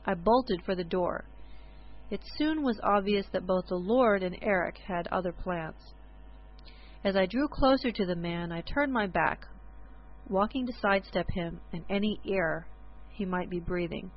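A woman's voice: mid-range voice, a little slow, muffled recording. Woman reading a personal story.

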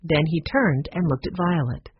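A narrator reading a children's chapter book aloud in a plain, measured storytelling manner. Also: mid-range voice, slightly rough, highs cut off. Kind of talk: audiobook narration.

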